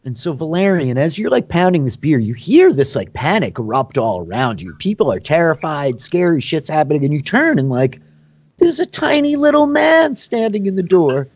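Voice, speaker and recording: A man's voice: on the high side, big pitch swings, normal speed, a little mellow, no room sound. A man running a tabletop game as dungeon master, narrating loosely and chattily with many fillers. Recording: dull lo-fi sound in a dry room.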